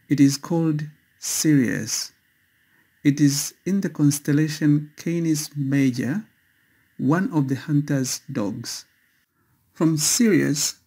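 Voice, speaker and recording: A man talks slowly and carefully, with a husky, mellow voice pitched a little high. He narrates a scripted sky guide in a measured, instructional way, recorded close to the mic.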